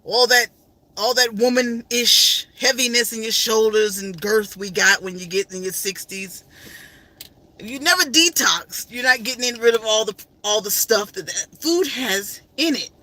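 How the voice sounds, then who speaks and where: A woman's voice: on the high side, normal speed, pushed and bright. A middle-aged woman vlogger in an emotional, faith-filled personal storytelling style, repeating herself often.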